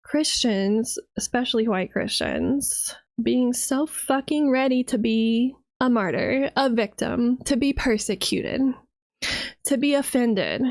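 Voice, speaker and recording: A fired-up woman from the United States, ranting as a vtuber streamer with plenty of swearing and sarcasm. Her voice sits a little high, and the sound is dry and close with no room around it. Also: slow, a little mellow, no room sound. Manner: heated, profane, sarcastic. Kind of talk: reaction rant.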